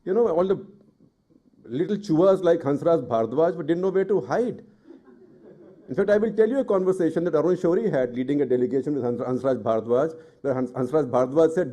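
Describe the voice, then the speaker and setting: A man's voice: a little high, expressive, brisk. Indignant middle-aged man speaking on a panel. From India. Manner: forceful and indignant, rising in anger. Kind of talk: impassioned public talk.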